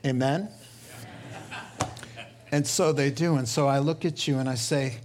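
A middle-aged man preaching a sermon as pastor, telling stories with lively voiced quotes and laughter. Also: mid-range voice, unhurried, pauses often, a little hiss or hum.

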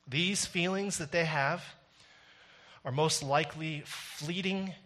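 A pastor delivers a sermon recorded without a congregation, his voice a little high, a little slow, and sharp in tone. Wry jokes on the side give way to fervent, emphatic preaching.

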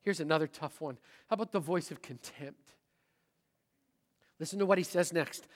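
High-voiced pastor preaching in a reverberant hall. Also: male voice, moderate pace. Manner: dramatic, voices inner thoughts aloud, swings from loud to hushed. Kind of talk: sermon.

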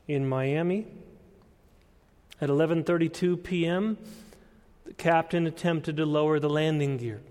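Slow, high-voiced preacher in reverberant hall. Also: male voice, a little mellow. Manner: deliberate storytelling, building to earnest emphasis. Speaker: pastor. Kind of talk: sermon. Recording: long church-hall reverb.

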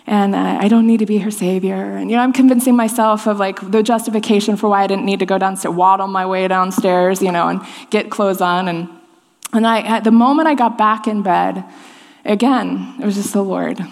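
A woman in her thirties preaches a sermon, telling a personal story conversationally with many restarts. Her mid-range voice is brisk, has vocal fry, and keeps a fairly even intonation. Long hall reverb fills the recording.

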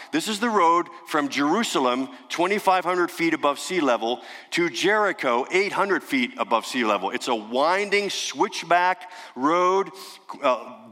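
Animated pastor preaching in a reverberant hall. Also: male voice, a little high. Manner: dramatic, emphatic storytelling with sudden hushed drops. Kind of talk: sermon. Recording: long reverb of a large hall.

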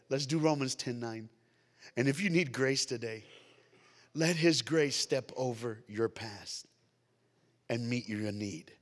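An American man giving an energetic youth sermon as a guest preacher, animated and laughing often, swinging from hushed lines to loud ones. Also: medium pitch. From United States. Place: large church hall. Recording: long hall reverb.

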